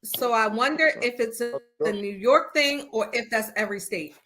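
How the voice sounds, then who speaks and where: Over soft background music, a podcast host talks in a slightly high voice at normal speed. She joins by internet call for a casual chat, animatedly telling stories and performing the quotes.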